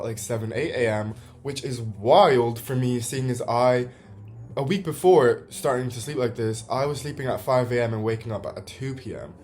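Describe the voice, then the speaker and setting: Male vlogger, heated storytime rant, profane and exasperated, mid-pitched voice, faint music underneath. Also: darkish tone. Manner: swearing, exasperated, quotes texts in mocking voices.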